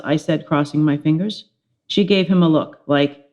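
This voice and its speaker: A middle-aged woman, a teacher, reading a children's chapter book aloud, telling it with lively expression. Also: sits low, moderate pace. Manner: expressive storytelling with character voices.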